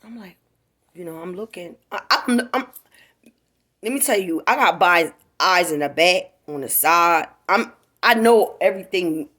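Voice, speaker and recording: A woman's voice: lowish voice, animated, unhurried, fairly bright tone. Chatty, profane woman telling a story. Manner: profane, chatty, talks straight to viewers. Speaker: vlogger. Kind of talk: casual storytime. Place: home, indoors.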